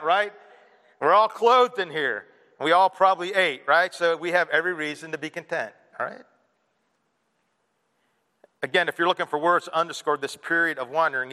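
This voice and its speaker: A man preaching a sermon to his congregation, animated and playful, acting out whiny kids and an annoyed parent. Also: a little high. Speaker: pastor. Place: church hall. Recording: reverberant hall.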